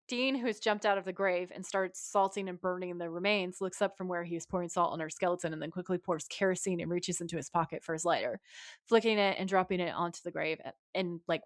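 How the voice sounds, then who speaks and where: A woman's voice: fairly low pitch, no room sound, studio quality. A woman co-hosting a podcast, retelling TV scenes in casual chat and quoting the characters' lines. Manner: animated retelling, quotes characters. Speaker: podcast co-host.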